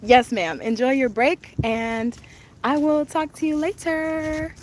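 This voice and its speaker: Her voice is high and steady, and she takes things slowly. She's a young adult woman and travel vlogger, chatty and gushing as she live-streams a phone walking tour of an outdoor park, with wind and ambient sound audible.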